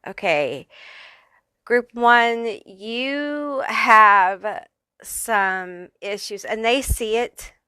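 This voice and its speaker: A woman's voice: on the high side, expressive, extremely slow, bright, forceful tone, smooth, no room sound. A woman giving a casual pick-a-card tarot reading who swears freely and laughs often. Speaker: tarot reader.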